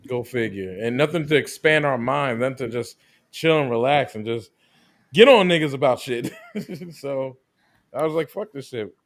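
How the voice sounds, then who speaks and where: Male co-host, mid-pitched voice, laid-back, chuckling, casual swearing. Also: expressive, moderate pace. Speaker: podcast co-host. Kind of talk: casual chat with friends.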